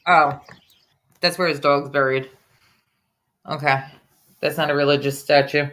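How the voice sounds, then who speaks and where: Sharp-voiced woman ranting sarcastically. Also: deep voice, fairly even intonation, unhurried. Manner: mocking, sarcastic, combative ranting. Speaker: commentary host. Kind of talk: reaction commentary over a played clip.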